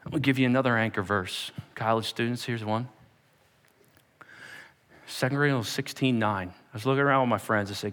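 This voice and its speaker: Animated man preaching in a church hall, bright tense voice, acts out scenes. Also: medium pitch, a little fast. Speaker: pastor. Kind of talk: sermon. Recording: long hall reverb.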